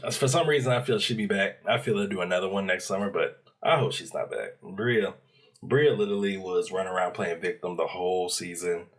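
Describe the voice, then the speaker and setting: Very deep-voiced man co-host. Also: fairly quick. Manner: low-key, agreeing, short remarks. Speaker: podcast co-host. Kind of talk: casual reality TV recap.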